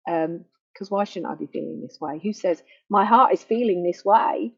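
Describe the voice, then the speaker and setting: A woman's voice: mid-range voice, moderate pace, vocal fry, few pauses, husky, no echo. A middle-aged woman counsellor giving an earnest, emphatic talk, repeating phrases for stress. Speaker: grief counsellor. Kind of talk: personal teaching talk. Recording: muffled faulty microphone.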